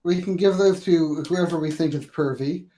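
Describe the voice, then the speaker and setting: A man's voice: a little high, normal speed, dark tone. Hesitant man thinking aloud while gaming. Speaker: co-host playing a video game. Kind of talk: casual let's-play chat.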